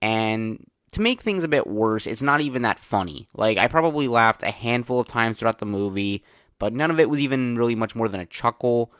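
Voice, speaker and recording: A man's voice: medium pitch, lively intonation, brisk, fairly bright tone, smooth, dry recording, clean studio sound. A young man hosting a solo movie review podcast, chatting casually with lots of filler words and candid opinions.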